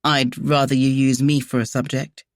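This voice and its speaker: A woman's voice: extremely low pitch, level tone, moderate pace, dry recording, clean studio sound, pitched below the performer's own voice. A woman narrator voicing a reserved, earnest man, a duke who breeds horses. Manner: earnest, restrained.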